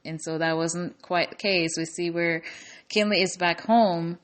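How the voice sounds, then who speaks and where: A woman's voice: on the low side, fairly even intonation, measured pace. A woman casually recapping a war movie's plot, chatty, with many fillers, restarts and emotional asides. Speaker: movie reviewer.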